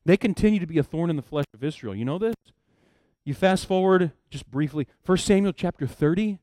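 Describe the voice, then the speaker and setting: A man preaching a sermon in a casual storytelling way, swinging from low murmurs to loud emphatic bursts. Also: no echo, studio quality. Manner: casual storytelling, acts out characters in quick asides. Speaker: pastor.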